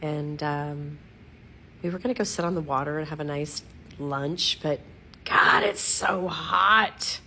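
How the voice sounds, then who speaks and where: A middle-aged woman at home giving a casual, rambling video update, giggling at herself, digressing often and clearing her throat. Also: sits low, fairly even intonation, moderate pace, a little hiss or hum. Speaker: vlogger updating followers. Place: at home, lying against her dog.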